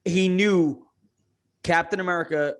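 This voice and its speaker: A man's voice: high-pitched, fairly even intonation, a little slow. A man in casual podcast chat, talking in an assertive, blunt way.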